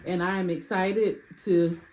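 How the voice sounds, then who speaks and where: A woman giving a short thank-you speech on a video call, halting and emotional, close to tears and laughing. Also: on the low side, fairly even intonation, a little mellow, slight background noise, poor audio. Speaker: new doctoral graduate.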